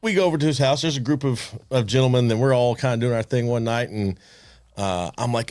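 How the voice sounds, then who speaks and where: A man hosting a podcast, telling animated anecdotes with restarts and chuckles. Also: medium pitch, quick pace, dry recording, clean studio sound. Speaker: podcast host. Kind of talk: casual storytelling chat.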